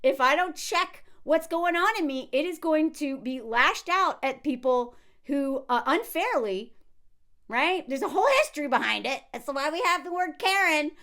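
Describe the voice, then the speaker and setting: Woman, high voice, casual commentary host, animated and laughing. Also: moderate pace. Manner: animated, frequent laughs, acts out quotes in character voices.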